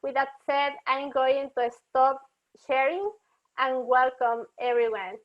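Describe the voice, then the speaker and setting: A woman hosting a webinar over a video call, speaking in a polite, halting way. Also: high-pitched. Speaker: webinar host. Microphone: computer mic on a video call. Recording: muffled video call audio.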